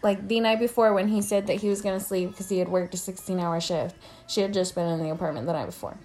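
A young woman co-hosting a podcast, telling a story in casual, profane chat and acting out the quotes loudly. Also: mid-range voice, fairly even intonation, fast talker. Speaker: podcast co-host.

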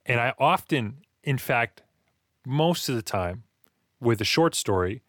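A man co-hosting a casual talk about writing, animated and acting out reactions in quick quoted asides. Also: lowish voice, no echo, clean studio sound. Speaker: podcast co-host discussing writing. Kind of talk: casual chat.

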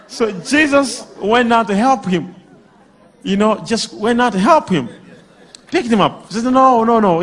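A man preaching a sermon to a congregation, drawing replies from the crowd and breaking into shouts and laughter. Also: very high-pitched. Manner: animated, bursts into shouts and laughter. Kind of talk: sermon with call-and-response.

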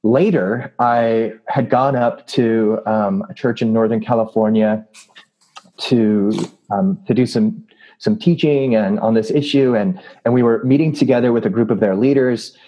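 A man who is an anti-trafficking activist and preacher tells a story in a casual interview, earnest and full of fillers and laughs. His medium-pitched, mellow voice moves at a measured pace, though the recording is muffled.

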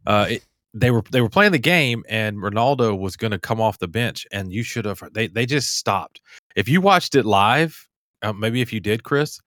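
A man's voice: fairly low pitch, expressive, moderate pace, fairly bright tone, no echo, clean studio sound. A man hosting a podcast, chatting casually, rambling and laughing easily. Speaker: podcast host. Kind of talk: casual chat.

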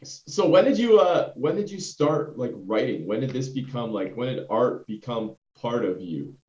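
A man's voice: mid-range voice, animated, normal speed, a little mellow. Laid-back man on a roomy, dull mic. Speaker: interviewer. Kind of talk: casual conversation.

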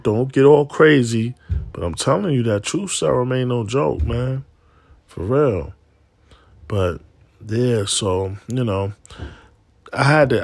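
A man hosting a podcast, talking loosely in slang and acting out quoted people in animated voices. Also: mid-range voice, gravelly, dry recording. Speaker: podcast host. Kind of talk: casual monologue.

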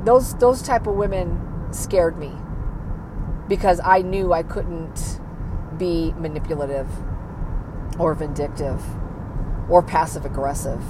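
A woman talks slowly in a candid, self-critical monologue, cursing freely and sometimes sinking to a near whisper. Her voice sits a little low. The recording was made outdoors, with clear traffic noise behind her.

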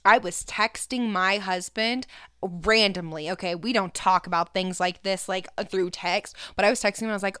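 A young married woman co-hosting a casual chat, talking freely and often dropping to a quiet aside. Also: mid-range voice, moderate pace, smooth, dry recording, clean studio sound. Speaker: podcast co-host.

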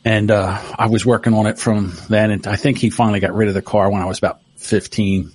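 A man's voice: on the low side, little pitch movement, fairly quick, darkish tone, breathy edge. A middle-aged man telling stories in casual chat, laughing often.

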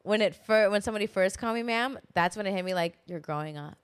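A woman's voice: mid-range voice, fairly even intonation, fast talker, smooth. A young woman co-hosting a podcast, chatting casually, reacting with short agreements and frequent laughter. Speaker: podcast co-host. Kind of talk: casual chat.

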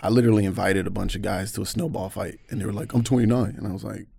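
Racing through candid personal stories on a podcast, an American guest acts out the people he quotes with animated flair. His low voice is creaky and slightly rough, and there's no room sound.

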